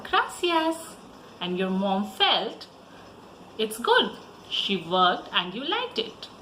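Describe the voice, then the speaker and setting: Slow, lively woman teaching young children. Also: mid-range voice, roomy sound, a little hiss or hum, low-quality recording. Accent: Indian English. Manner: slow, lively, sing-song teaching voice with repeat-after-me prompts. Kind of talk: online lesson for young children.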